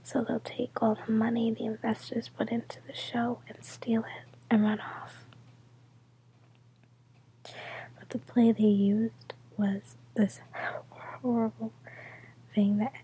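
A tired, stuffed-up woman talking in a soft, rambling ASMR whisper late at night, close to the mic. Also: medium pitch, slightly rough, low-quality recording. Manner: soft whisper, rambling with ums and little laughs.

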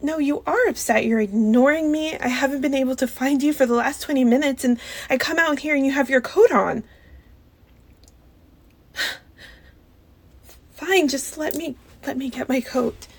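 A woman's voice: sits high, moderate pace, pauses often. A young woman performing a one-sided audio role-play, pleading and hesitant, stammering and often sinking into whispers.

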